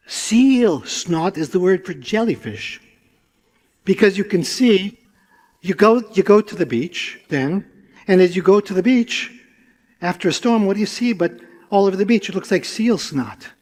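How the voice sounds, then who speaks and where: Chatty older storyteller in a reverberant hall. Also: male voice, sits high, expressive, a little slow, pauses often, darkish tone. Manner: chatty, asks the audience questions. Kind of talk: live stage storytelling. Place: festival stage before a live audience. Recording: long reverb from a large hall.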